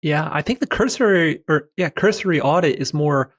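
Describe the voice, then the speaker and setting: Higher-voiced man co-hosting, affirming. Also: lively intonation, moderate pace, fairly bright tone, breathy edge. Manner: affirming, brief interjections. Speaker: co-host. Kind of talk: casual interview chat.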